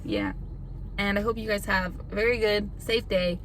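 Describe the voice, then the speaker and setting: A woman's voice: medium pitch, sing-song, normal speed, fairly bright tone, slight background noise, low-quality recording. A young woman YouTuber in a casual vlog rant, frustrated and defensive. She swears often and rambles with lots of "like". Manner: rambling with filler "like".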